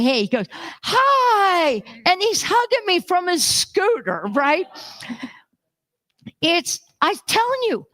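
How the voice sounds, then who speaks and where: A woman minister preaching a sermon, telling stories animatedly and acting out the voices of the people in them. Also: sits high. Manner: animated storytelling, acts out voices. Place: church sanctuary.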